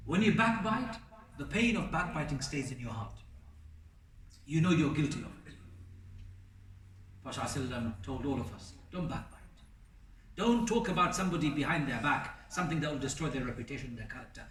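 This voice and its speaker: A man delivers an earnest sermon, his somewhat high voice carrying through a roomy mosque hall. He stands back from the microphone and builds his points in emphatic lists. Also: lively intonation, a little fast, long pauses, distant mic. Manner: earnest, emphatic lists, sprinkled Arabic phrases. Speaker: preacher.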